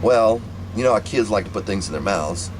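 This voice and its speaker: A man's voice: lowish voice, animated, fairly quick, background noise. A man telling a family story in a rambling, casual monologue, full of repeats and restarts. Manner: rambling, repetitive, many restarts.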